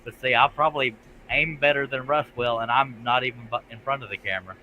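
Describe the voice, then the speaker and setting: A man's voice: medium pitch, steady tone, quick pace, dull audio, a little hiss or hum. A man hosting a casual late-night live stream, folksy in his talk. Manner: folksy, says "by God" and "Amen".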